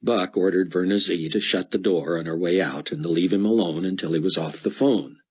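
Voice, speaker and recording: A man narrating an audiobook in an even, steady storytelling manner. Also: low voice, a little fast, husky, low-quality recording. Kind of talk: scripted narration.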